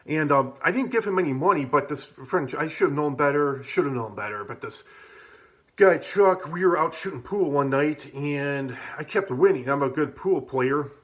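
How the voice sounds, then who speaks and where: A man's voice: a little high, moderate pace, a bit bright. A man telling a casual personal story, rambling and profane, full of fillers. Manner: rambling, profane, many fillers like "like" and "you know". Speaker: vlogger.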